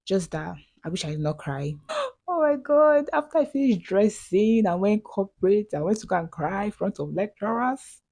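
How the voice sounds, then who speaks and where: A woman's voice: mid-range voice, expressive, moderate pace, gravelly, warm tone, husky. A young woman in her twenties with a Nigerian accent, talking casually in a vlog voiceover, chatty and prone to repeating herself. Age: 20s. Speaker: vlogger.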